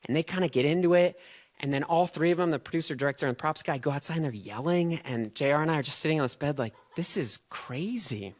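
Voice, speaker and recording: A man's voice: a little high, quick pace. A man telling a funny personal story on a live stage, chatty and self-mocking, laughing at his own tale. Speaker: storyteller and event host. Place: live stage in front of an audience.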